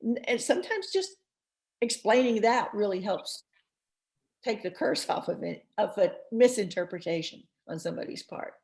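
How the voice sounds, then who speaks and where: A woman author talks as a podcast guest in a passionate, emphatic way. She lets small laughs slip between her points. Her pitch sits in an ordinary middle range. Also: animated, normal speed, gravelly, darkish tone. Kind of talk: podcast interview.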